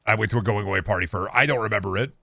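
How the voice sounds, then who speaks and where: A married man streaming a video game, rambling sarcastically and insisting in mock calm that he is not mad. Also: lowish voice, racing, creaky, no echo. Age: adult, married. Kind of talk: casual gameplay chat.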